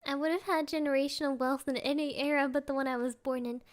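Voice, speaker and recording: A woman's voice: high-pitched, fairly even intonation, fast. A young woman streamer chatting casually and playfully, giggling as she answers her chat.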